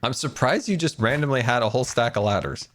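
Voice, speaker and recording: A Minecraft streamer in his thirties chats playfully with a friend during a casual gaming stream, occasionally slipping into a theatrical tone. His medium-pitched voice is animated, fast, and a bit bright, with a little hiss or hum in the recording.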